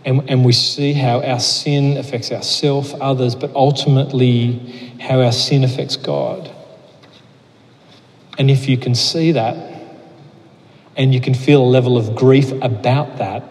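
Male pastor, earnest sermon delivery with small restarts, medium pitch, long hall reverb. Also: a little mellow. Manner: earnest, repeats words as he restarts, leads a slow prayer.

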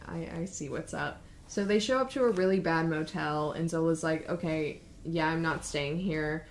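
A young woman co-hosting a podcast, casually retelling a story and acting out the quotes with lively shifts in her voice. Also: low-pitched, a little hiss or hum. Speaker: podcast co-host.

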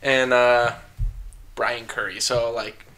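A man's voice: mid-range voice, level tone, slow pace, bright, forceful tone. A man chatting casually as a podcast host, opinionated and talkative, with frequent fillers and laughs. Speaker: podcast host discussing film awards. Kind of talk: casual chat.

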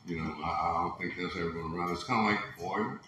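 A laid-back man hosts a casual chat, laughing easily as he talks. His voice sits low but sounds bright and forceful. The room is heavily echoey, with faint noise underneath. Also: quick pace.

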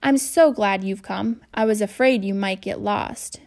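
A woman's voice: medium pitch, a little slow, darkish tone, lightly acted. A woman voicing a friendly, encouraging school counselor in a children's audiobook. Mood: kind.

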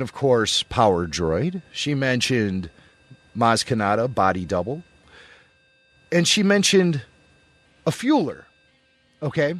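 A man from the Midwest, co-hosting a podcast in casual chat, animated and often laughing as he teases. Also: on the high side. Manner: animated, laughing, playful teasing. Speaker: podcast co-host.

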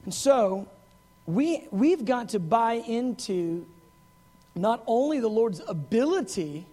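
Male preacher, sermon, very high-pitched voice, conversational, animated. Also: slow. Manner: animated, conversational, full of "you know" asides and acted quotes.

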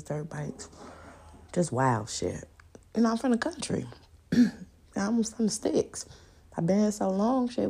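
A young woman hosting a podcast, chatting casually and telling loud, animated stories full of laughter and acted-out quotes. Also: low voice, gravelly, slightly rough. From New York and the countryside. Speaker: podcast host. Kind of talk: casual solo podcast chat.

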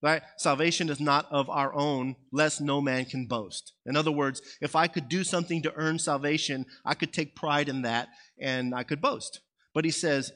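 A man's voice: fairly high pitch, steady tone, moderate pace, fairly bright tone. Conversational man preaching. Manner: conversational, frequent "right?" and "okay?" check-ins. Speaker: pastor. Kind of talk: sermon.

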